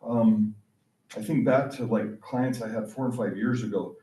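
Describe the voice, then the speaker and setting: A man's voice: fairly low pitch, steady tone, moderate pace, dark tone. A man in a class candidly sharing a personal story, hesitant and full of fillers. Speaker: class participant. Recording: echoey room, distant mic.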